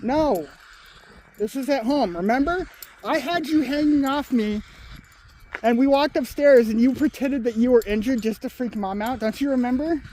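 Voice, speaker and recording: A man's voice: extremely high pitch, moderate pace, slight background noise. A man chatting casually outdoors, animatedly telling stories about old pranks on his mom. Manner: animated storyteller, laughs at own tales. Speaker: storyteller among siblings. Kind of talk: casual chat while exploring.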